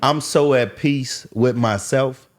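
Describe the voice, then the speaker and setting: A man's voice: mid-range voice, slow pace. A man as a podcast guest, earnestly telling his life story and repeating phrases for emphasis. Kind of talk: candid personal story.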